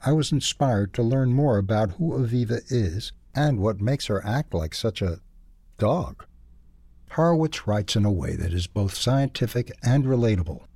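A man reading a book review and then a children's story in a steady, measured way. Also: on the low side, husky, dry recording. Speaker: reader.

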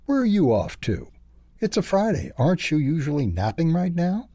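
A man's voice: on the high side, wildly swooping pitch, normal speed, dark tone, dry recording, studio quality, voice pushed up, exaggerated voice. A man voicing a curious, chatty female bird in a read-aloud children's story.

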